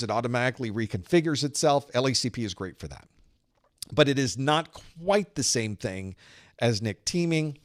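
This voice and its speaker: A man hosting a live-streamed certification study group, explaining with casual analogies and playful sound-effect narration. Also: mid-range voice. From Southern United States.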